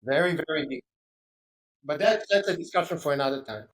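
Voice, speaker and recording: A man's voice: on the high side, animated, brisk, a little hiss or hum. A man speaking as a guest on a casual podcast, insistent, with lots of loose filler words. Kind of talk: casual conversational podcast talk.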